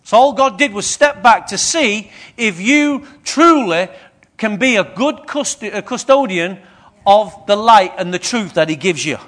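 A man delivers a sermon in a high, lifted voice. He keeps checking in with the congregation, throwing questions at them as he preaches. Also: expressive, a little slow, a bit bright.

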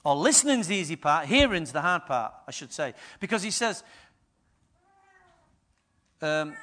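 A middle-aged man preaching a sermon as pastor, telling stories lively and swinging from hushed asides to loud bursts. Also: fairly high pitch, a little slow, long pauses.

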